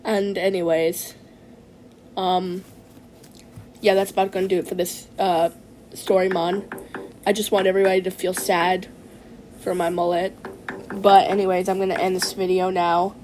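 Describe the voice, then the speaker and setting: A woman telling a comic story in character, rambling with halting restarts and tacking "man" onto nearly every phrase in a mock-serious, droning delivery. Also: on the low side, flat delivery, a little mellow, a little hiss or hum. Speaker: comedic vlogger telling a story.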